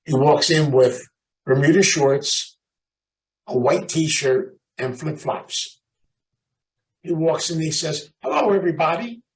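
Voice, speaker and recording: A man's voice: fairly high pitch, takes it slowly, pauses often, distant mic, rough recording. Emphatic man telling stories to a room. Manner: animated, emphatic, chatty, calls out audience members. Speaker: speaker at a recovery meeting. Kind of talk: motivational storytelling talk to a live group.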